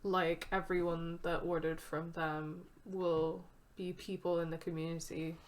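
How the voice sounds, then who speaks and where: A woman's voice: fairly low pitch, level tone, a little slow. A woman streamer giving frank, chatty commentary while playing a story game. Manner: chatty, frank, swears casually. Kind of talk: casual let's play commentary.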